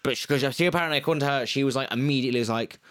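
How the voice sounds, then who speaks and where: A man, casually telling a true-crime story on a podcast, animated and jokey, slipping into quick put-on voices. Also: mid-range voice. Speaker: podcast co-host.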